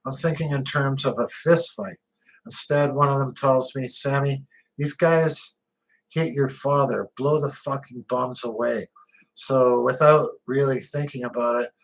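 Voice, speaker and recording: A man reads an audiobook in the first person, telling a tough street story in a gritty, conversational way. His pace is slow and deliberate, and his pitch sits in an ordinary middle range. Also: a bit bright, poor audio. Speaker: audiobook narrator.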